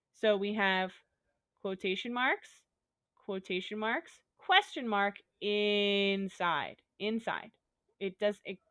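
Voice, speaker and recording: A woman's voice: mid-range voice, fairly bright tone, no room sound. Patient woman teacher explaining grammar. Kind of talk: remote grammar lesson.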